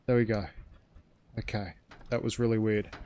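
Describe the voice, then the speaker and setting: A man's voice: on the low side, little pitch movement, normal speed, dark tone, clear, resonant tone. A man streaming a ship game live, rambling as he thinks aloud and thanks his chat.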